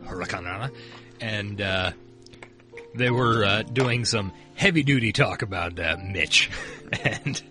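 A man's voice: fairly low pitch, slow, sharp tone, soft background music. A man co-hosting a casual podcast, laid-back and joking, with lots of hesitant fillers. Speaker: podcast co-host. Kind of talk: casual rewatch podcast chat.

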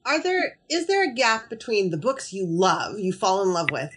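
A woman interviewer posing careful, probing questions at a mid pitch. Faint hiss sits under her voice. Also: big pitch swings, normal speed, a bit bright. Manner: thoughtful, asks probing questions.

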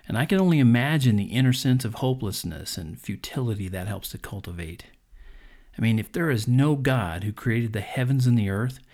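A man's voice: medium pitch, a little mellow. A man hosting a devotional podcast, talking in an earnest, conversational preaching manner with frequent fillers. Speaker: podcast host.

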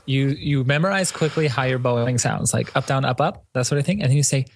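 A man in a casual chat giving wry, deadpan advice as an orchestral musician. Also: medium pitch, brisk, vocal fry, slight background noise.

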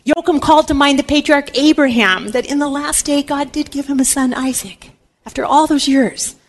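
Animated woman telling a religious story. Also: high voice, normal speed, a little hiss or hum. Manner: animated storyteller acting out quoted lines. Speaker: Catholic teacher. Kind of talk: religious teaching talk, storytelling.

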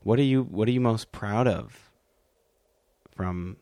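A man's voice: lowish voice, slow, mellow, no echo. A man from Wisconsin hosting a casual podcast chat, rambling with lots of fillers and restarts. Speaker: podcast host. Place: office.

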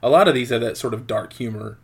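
A man's voice: medium pitch, fast, creaky, a crowd in the background. Rambling man retelling a film plot. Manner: rambling, filler-heavy retelling. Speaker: podcast co-host reviewing a film. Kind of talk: casual chat.

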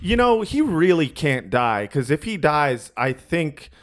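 A man with a somewhat high voice chats casually in a group, thinking out loud. He wanders through his points, stalling and restarting sentences as he goes. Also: sing-song, a little slow, slight background noise. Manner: rambling, hesitant, restarts thoughts.

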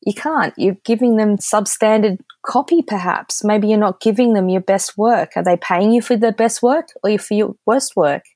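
An Australian woman speaks in a casual podcast interview, candid and direct. She tells stories with a lively pull, her voice at a middling pitch. The sound is close and dry, with no room around it. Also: moderate pace, hardly any pauses, no room sound. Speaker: guest copywriter.

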